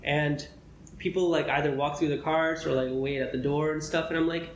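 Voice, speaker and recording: A young man, a medical student co-hosting a podcast, chatting casually and rambling with lots of fillers and throat clearing. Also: a little high, steady tone, moderate pace. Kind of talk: casual chat. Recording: echoey room with faint noise.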